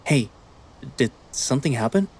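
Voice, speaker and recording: Voicing David, a frustrated young best friend in a visual novel reading, a man speaks in a mid-range, slightly mellow voice with a breathy edge, animated and at a moderate pace. The mood is friendly yet awkward; he pleads earnestly and swears when upset. Faint music plays behind him.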